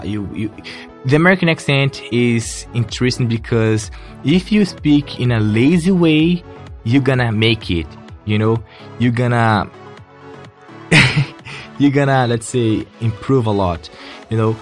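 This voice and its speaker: A young Brazilian man records a casual podcast at home, speaking English with a Brazilian Portuguese accent. His voice sits fairly low and he talks very slowly, stopping often to search for words. Faint music plays underneath. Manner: hesitant, many fillers and restarts, laughs softly. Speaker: podcast host, English learner.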